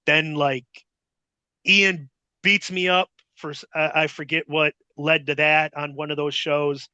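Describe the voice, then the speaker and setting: A middle-aged interview guest unhurriedly spins a rambling, swear-laden story with animated energy. His high, bright voice is smooth yet forceful, captured dry and close without any room sound.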